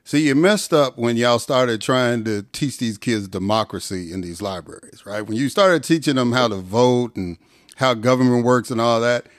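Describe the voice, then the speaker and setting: A man's voice: mid-range voice, normal speed, no room sound, clean studio sound. A man hosting a podcast interview, talking conversationally with sarcastic, joking asides. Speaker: podcast host.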